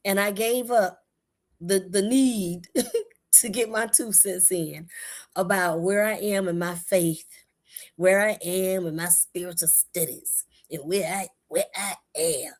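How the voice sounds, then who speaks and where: Devotional host: woman from Florida, low and husky, speaks in casual, lively bursts and repeats key lines. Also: slow. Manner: animated, repeats short phrases, laughs often. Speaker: host of a short devotional show.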